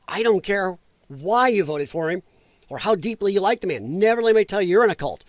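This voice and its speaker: Casting note: man with a high voice, host of a casual livestream, blunt and mocking, dry close sound. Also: lively intonation, fast talker, no echo. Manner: blunt, ranting, mocking, with laughs and mimicry. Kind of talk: casual political commentary livestream.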